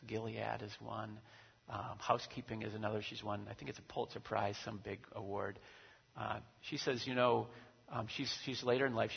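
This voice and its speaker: A man pastor preaching a sermon, animated and acting out quoted voices with big swings in loudness. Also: lowish voice, creaky, slightly rough. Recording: dull recording with long hall reverb.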